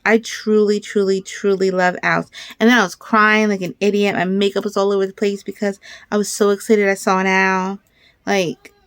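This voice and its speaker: A woman in her thirties chatting casually in a crafting vlog, rambling and excitable, with bursts of animated storytelling. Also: medium pitch, dry recording. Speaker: crafter vlogger.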